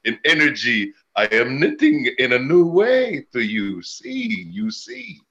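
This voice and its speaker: Slow rambling mystic man, bright tone. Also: big pitch swings, creaky, dull audio. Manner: wordplay chanting with sudden laughs and pitch jumps. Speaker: spiritual reader.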